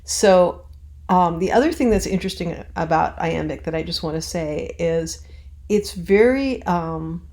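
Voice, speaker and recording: A woman's voice: lowish voice, unhurried. A woman teaching her acting students in an informal, chatty recorded lesson, tapping out rhythms aloud as she explains. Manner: relaxed, chatty, with frequent restarts and rhythmic demonstration.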